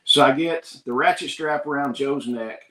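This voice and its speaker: A podcast host with a Kentucky accent and a bright, forceful mid-range voice speaks at normal speed, casually telling a rambling, folksy story. He acts out the other characters' lines, and the sound is roomy.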